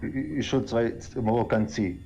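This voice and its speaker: A man on voice chat speaking halting, broken English full of fillers. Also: lowish voice, dark tone, a little hiss or hum. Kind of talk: casual voice-chat banter.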